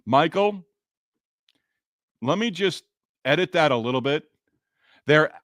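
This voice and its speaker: A man's voice: on the high side, fairly bright tone, dry recording, studio quality. A man hosting a sports podcast, reading listener comments in a frustrated, sarcastic, rambling way. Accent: Boston. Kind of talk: casual sports podcast talk.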